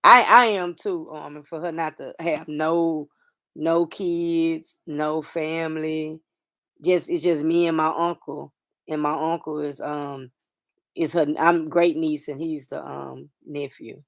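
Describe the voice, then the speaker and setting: A middle-aged woman hosting a casual livestream chat, talking softly and sadly to viewers, rambling with fillers and restarts. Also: low voice, fairly even intonation, slow pace, dry recording, clean studio sound. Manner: soft-spoken, grieving, rambling with fillers and restarts. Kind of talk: casual personal talk to viewers.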